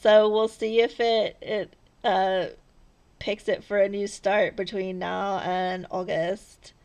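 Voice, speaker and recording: A woman's voice: medium pitch, level tone, slow pace, a little mellow, smooth. A woman vlogging casually as she cross-stitches, rambling and chatty, often laughing at herself. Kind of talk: casual stitch-along chat.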